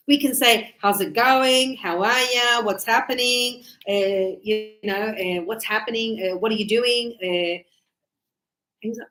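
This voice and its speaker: Chatty woman teaching English, high pitch, roomy echo. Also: unhurried. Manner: lively, chatty, acts out everyday dialogues. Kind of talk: classroom English lesson. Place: classroom.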